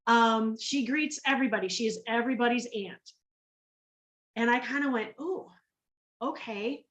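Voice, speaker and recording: A woman's voice: on the high side, normal speed, a bit bright, roomy sound, distant mic. A woman from Minnesota telling her story to an online group, acting out the voices of the people she quotes. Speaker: guest speaker on a training call.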